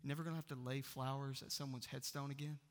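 A man, preaching a sermon in a church and swinging from loud proclaiming to hushed near-whispers. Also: mid-range voice, level tone, quick pace, in a large hall. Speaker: pastor.

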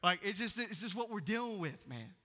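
A man, preaching a sermon in a church and swinging from loud proclaiming to hushed near-whispers. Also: high voice, animated, fairly quick, in a large hall. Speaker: pastor.

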